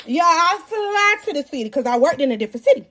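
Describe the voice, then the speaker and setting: Animated high-voiced young woman storyteller. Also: fast, a little hiss or hum. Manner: dramatic, laughing, swinging from loud to hushed. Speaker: podcast host telling her story.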